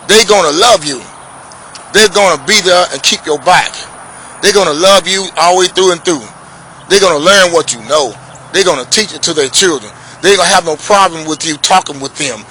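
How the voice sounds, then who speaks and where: A man's voice: a little high, sharp tone, slight background noise, rough recording. A man preaching a sermon in a repetitive, emphatic, casual way, reciting scripture between plain talk.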